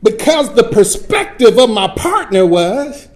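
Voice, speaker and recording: A middle-aged man, a pastor teaching Sunday school, telling folksy stories in a lively preaching style. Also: extremely high pitch, a little slow. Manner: animated, folksy preacher who acts out his stories. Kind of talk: storytelling sermon-style lesson.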